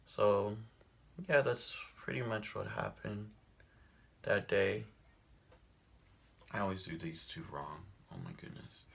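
A young man vlogging at home, telling a funny story in a casual, animated way and acting out the other people's lines. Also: on the low side, takes it slowly, vocal fry, pauses often. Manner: animated storyteller, acts out quoted voices, laughs often. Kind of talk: casual storytelling while doing makeup.

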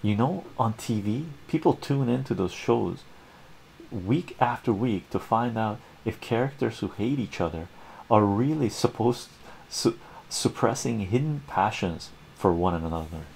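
Give me a sardonic chain-smoking comic dog, read by a man in a low, rough voice. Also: lively intonation, measured pace, a little mellow, a little hiss or hum, poor audio. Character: wisecracking smoking cartoon dog, male.

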